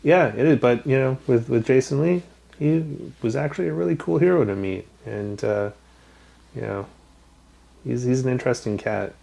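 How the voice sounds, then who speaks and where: A man's voice: medium pitch, moderate pace, vocal fry, dark tone. A man from Canada hosting a casual podcast chat, telling rambling stories with lots of ums and swearing. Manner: rambling storyteller, swears freely, many ums. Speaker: podcast host.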